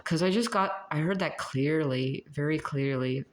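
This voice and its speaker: A woman's voice: sits low, normal speed. A woman talking casually through a tarot reading for viewers, rambling, restarting her sentences and laughing often. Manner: many fillers and restarts. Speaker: tarot reader.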